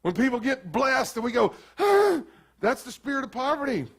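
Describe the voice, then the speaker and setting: High-voiced pastor preaching conversationally. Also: male voice, fairly quick. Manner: conversational, animated preaching with acted asides. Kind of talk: sermon.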